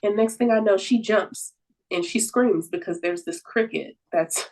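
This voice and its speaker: A woman's voice: medium pitch, a little slow, darkish tone, low-quality recording. A woman talking as a podcast guest in an earnest, reflective way, with lots of "like" fillers and easy laughs. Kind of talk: casual conversational podcast talk.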